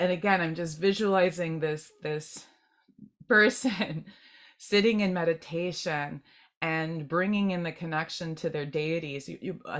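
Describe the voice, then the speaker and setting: A woman with a fairly low voice gives a spiritual group tarot reading. Her talk is gentle and meandering, with many halting restarts and repeated words as she searches for what she is sensing. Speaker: tarot reader.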